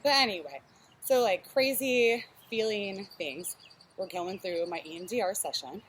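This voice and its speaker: A woman's voice: mid-range voice, a little slow, slight background noise, poor audio. A young adult woman, a fitness instructor from Texas, chatting candidly and telling stories while straining through a shoulder workout at home.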